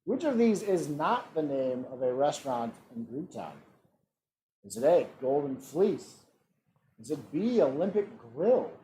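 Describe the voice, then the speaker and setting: A man hosting an online trivia game. He reads out multiple-choice questions and adds relaxed joking asides. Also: a little high, measured pace, a little hiss or hum. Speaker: trivia quiz host.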